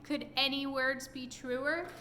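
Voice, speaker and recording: A woman's voice: high voice, steady tone, slow pace, bright, forceful tone, echoey room, a little hiss or hum, pitched above the performer's own voice, heavily acted. A woman voicing a delicate, fussy female spider in a storybook, pleading.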